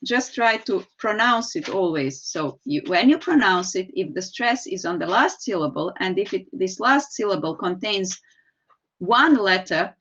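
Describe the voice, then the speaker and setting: A woman's voice: mid-range voice, expressive, a little slow, fairly bright tone, lo-fi sound. A woman teacher, patiently explaining English spelling rules in an online lesson and calling on students. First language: Serbian.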